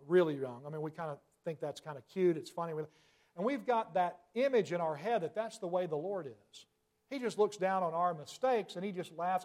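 A man preaching a sermon, emphatic and full of rhetorical questions, swinging between loud stressed words and quiet drops. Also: a little high.

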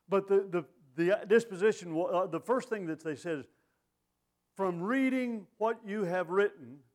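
A middle-aged man preaching a sermon in a folksy, conversational way, full of asides and rhetorical questions. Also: fairly high pitch.

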